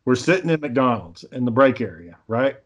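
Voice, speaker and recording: A man's voice: mid-range voice, big pitch swings, moderate pace. A man telling rambling stories in a casual chat, swearing constantly, an amateur filmmaker. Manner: rambling storyteller, heavy swearing.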